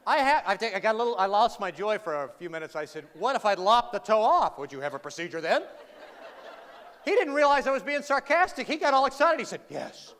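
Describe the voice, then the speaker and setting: A man with a very high, fairly bright, sing-song voice talks fast as he gives a comic keynote to a live audience in a large hall. He tells a story laced with dry, sarcastic asides and questions thrown to the crowd. The hall is reverberant, with faint noise.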